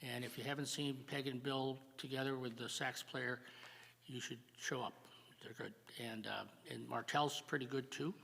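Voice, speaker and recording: An older man hosting a live church jazz service, announcing events and telling a folk story in a folksy, halting way. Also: medium pitch, fairly even intonation, creaky, fairly bright tone. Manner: folksy, halting, with fillers and repeats. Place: church sanctuary. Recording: live church broadcast with long reverb.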